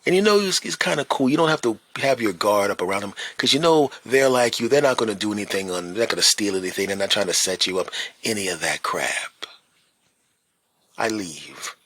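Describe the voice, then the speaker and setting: A man's voice: fairly low pitch, lively intonation, a little fast, fairly bright tone. A man, a stand-up comedian hosting a podcast, telling a casual story and checking in with "right?" and "you know.".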